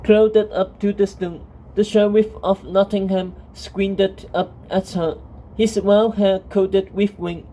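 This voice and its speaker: A woman narrating a fantasy storybook in a calm, steady reading voice. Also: mid-range voice, slow pace, poor audio.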